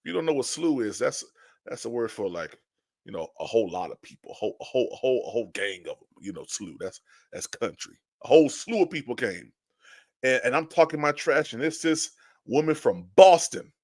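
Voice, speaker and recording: Excitable man hosting a fan podcast. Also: medium pitch, a little fast, no echo, clean studio sound. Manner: animated storytelling with many restarts, greets chat viewers. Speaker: podcast host. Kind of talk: casual live-stream chat.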